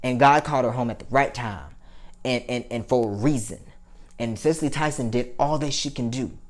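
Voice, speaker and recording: A man's voice: mid-range voice, normal speed. Young man vlogger, mid-range voice, rambling and blunt, swears freely. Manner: rambling, candid and profane, voice climbing when worked up. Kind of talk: casual emotional monologue.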